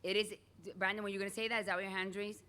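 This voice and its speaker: A middle-aged woman teacher giving a chatty, animated lecture in a classroom and calling on students by name. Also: medium pitch, very fast, smooth.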